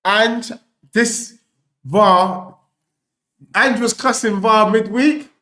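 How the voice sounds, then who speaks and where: A young man hosting a live football watchalong, bantering excitedly and reading out viewer messages. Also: high-pitched, drawn-out words. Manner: excitable, animated banter, reads out super chats.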